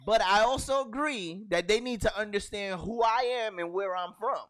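A middle-aged man tells stories in a relaxed podcast chat, slipping into voices to act out what people said. His voice sits a little high for a man, and the sound is dry and close. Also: moderate pace, no room sound. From New York. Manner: animated storytelling with acted-out quotes and slang. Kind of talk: casual chat.

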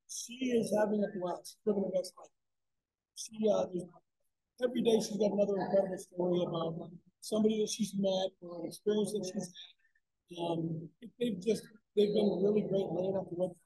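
Brief: husky, dark-voiced coach in his forties, rapid and rambling, live guest at a wrestling tournament. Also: high-pitched, fairly even intonation, poor audio. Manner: eager, rambling storyteller with many restarts. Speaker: national team coach, guest. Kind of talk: live podcast interview.

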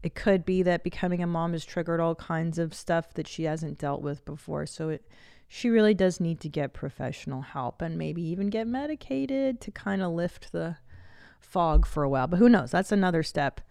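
A woman's voice: on the low side, moderate pace, creaky, smooth, no room sound, studio quality. A woman hosting a comedy podcast for moms, chatting casually with swearing and frequent laughter. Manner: profane, laughs often, animated. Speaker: podcast host.

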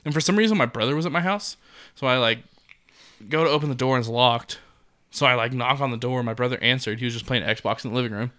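A man's voice: mid-range voice, fast, a bit bright. A young man casually telling a rambling drinking story, swearing and laughing along the way. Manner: laid-back, swearing, laughs mid-story.

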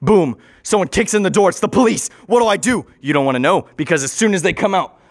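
Give me an excitable man spinning a rambling, profane story, with a dry, close sound. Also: high voice, quick pace, no room sound. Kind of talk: improvised absurd storytelling.

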